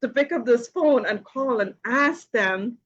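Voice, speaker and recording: A woman's voice: a little high, animated, unhurried, fairly bright tone, lo-fi sound. A woman hosting a live question-and-answer session, telling a personal story casually with many "you know" fillers and light laughs. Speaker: host of a live Q and A.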